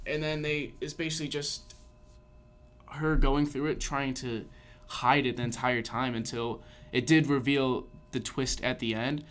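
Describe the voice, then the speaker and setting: A man's voice: medium pitch, fairly even intonation, unhurried, fairly bright tone. A man co-hosting a podcast, chatting casually about films in long, rambling sentences full of restarts. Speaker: podcast co-host. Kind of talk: casual chat.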